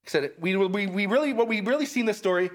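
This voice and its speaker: A man preaching a casual sermon, reading scripture aloud and breaking off for relaxed, conversational asides. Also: high voice, quick pace.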